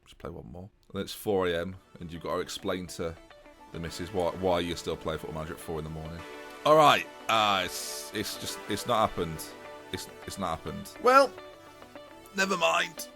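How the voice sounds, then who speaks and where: A young man giving casual, animated, self-mocking commentary while playing a football management game. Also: low voice, moderate pace, music in the background. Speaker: gaming YouTuber.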